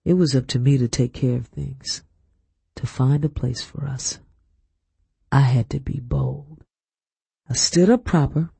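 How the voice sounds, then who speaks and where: Husky, gravelly male audiobook narrator. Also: medium pitch, mellow, no room sound. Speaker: audiobook reader. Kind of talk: scripted first-person narration.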